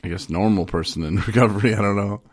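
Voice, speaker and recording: A man's voice: on the low side, fast, no echo, studio quality. A man co-hosting a casual podcast about recovery, joking and rambling, often cutting himself off mid-thought. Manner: joking, rambling, self-interrupting. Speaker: podcast co-host.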